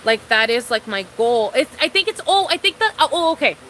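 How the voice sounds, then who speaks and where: A woman's voice: a little high, sing-song, brisk, pushed and bright, a little hiss or hum, low-quality recording. A young woman streaming a casual, rambling, profane chat with her viewers, calling them girl.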